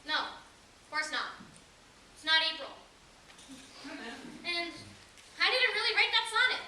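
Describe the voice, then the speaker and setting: A woman's voice: very high voice, expressive, a little slow, bright, forceful tone, full character voice. A woman performing a stage monologue as a young wife earnestly pleading with her husband, in a quirky, pleading manner. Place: school auditorium stage. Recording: echoey auditorium from far off, faint hiss.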